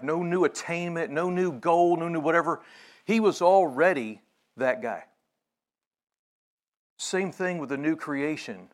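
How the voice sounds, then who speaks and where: A male pastor giving a conversational sermon, with many fillers and restarts, and growing animated when he retells a story. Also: on the high side, unhurried, pauses often.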